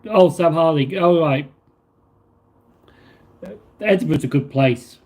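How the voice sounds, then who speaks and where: Mellow-voiced man chatting on a livestream. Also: on the high side, slow. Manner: reads viewer messages aloud and answers them; rambling, with many fillers and restarts. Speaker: livestream host. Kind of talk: casual livestream chat.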